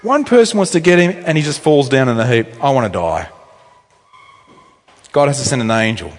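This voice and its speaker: A male pastor preaching a sermon in a church, telling stories in a chatty, animated way with offhand asides. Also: a little high, fast, soft background music. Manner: animated storytelling, conversational asides. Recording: echoey hall reverb.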